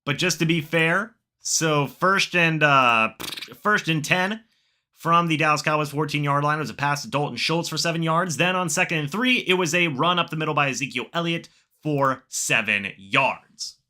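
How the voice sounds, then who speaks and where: A man hosting a live reaction stream, calling the plays himself and chatting with viewers. He gets excited during plays and mutters quietly in the asides. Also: on the high side, normal speed. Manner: excitable, bursts up when plays happen, then mutters asides. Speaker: live stream host doing play-by-play. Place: home, watching the game on screen.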